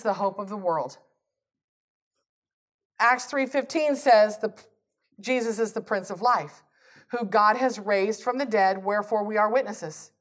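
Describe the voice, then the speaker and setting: A woman preaching a sermon with fervent energy, reading and quoting scripture and building to emphatic peaks. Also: mid-range voice.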